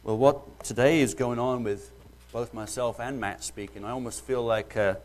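A man's voice: mid-range voice, fairly even intonation, moderate pace. A man with a British accent preaching a sermon, first joking lightly, then reading Bible verses and explaining them earnestly.

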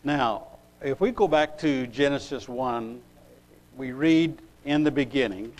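A man preaching a sermon, reading scripture aloud and pausing as he looks up verses. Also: mid-range voice, low-quality recording. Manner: unhurried, pausing while looking up verses.

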